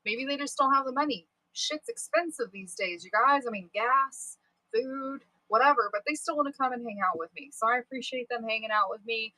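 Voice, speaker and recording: Bright, chatty woman livestream seller. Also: on the high side, a little fast, dry recording, rough recording. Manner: chatty, candid, swears, wanders off topic. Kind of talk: casual livestream chat.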